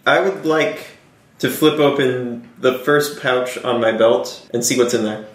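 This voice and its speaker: A man's voice: mid-range voice, a little slow. A man playing a tabletop game, laying out his plans step by step. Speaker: player. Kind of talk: casual tabletop game talk. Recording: echoey room.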